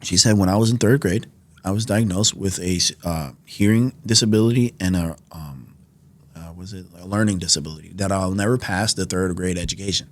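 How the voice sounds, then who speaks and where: Animated young man telling his story. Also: deep voice, a little fast. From New York. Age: 20s. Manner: animated storyteller, acts out quoted dialogue, many fillers. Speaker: podcast guest. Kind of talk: personal testimony in casual conversation. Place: podcast studio.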